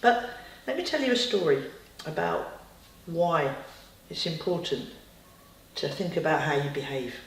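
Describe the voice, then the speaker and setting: A woman telling a bedtime story to a child, with chatty, lively asides. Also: deep voice, unhurried, pauses often. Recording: roomy, distant.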